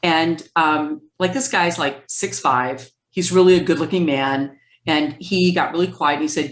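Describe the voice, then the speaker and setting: Low-voiced woman, animated storyteller, echoey room. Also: moderate pace. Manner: lively storytelling, acts out quoted speech. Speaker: guest therapist. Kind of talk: conversational interview.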